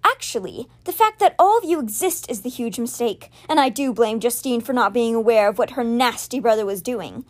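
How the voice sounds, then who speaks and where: A woman voicing a cold, sneering young male high priest who talks down to his brother. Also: animated, fairly quick, hardly any pauses, a little mellow. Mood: scornful. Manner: sneering and cool.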